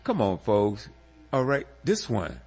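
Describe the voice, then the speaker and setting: A man's voice: on the low side, wildly swooping pitch, slow pace. A man hosting a radio music show, bantering in a jokey, theatrical way and laughing easily. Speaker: radio host.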